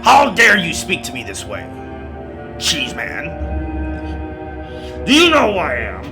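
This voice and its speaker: A man voicing an arrogant male pirate captain with a booming, theatrical pirate growl. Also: huge pitch swings, slow pace, vocal fry, over music, exaggerated voice. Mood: indignant.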